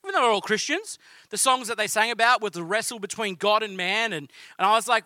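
A man's voice: high voice, fairly quick, pushed and bright, dry recording. A man with an Australian accent preaching a sermon in a conversational, storytelling way. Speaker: pastor.

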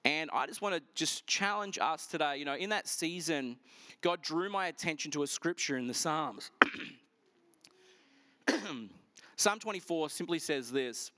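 A middle-aged man preaching a sermon, telling stories in a lively, animated way. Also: on the high side, no room sound. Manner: lively, animated storytelling with quick asides. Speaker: pastor. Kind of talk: storytelling sermon.

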